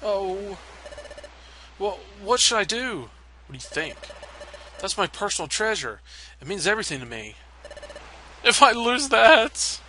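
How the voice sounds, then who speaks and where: A man's voice: high-pitched, big pitch swings, normal speed, long pauses, bright, forceful tone, a little hiss or hum, voice pushed up, heavily acted. A man voicing a timid, earnest young male creature partner in a game, pleading and fretful. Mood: worried.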